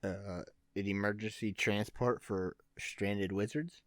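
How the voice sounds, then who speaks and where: A man's voice: on the low side, fairly even intonation, slow pace, no echo, clean studio sound. A man on a casual book podcast, talking hesitantly with lots of fillers. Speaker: podcast co-host, first-time reader.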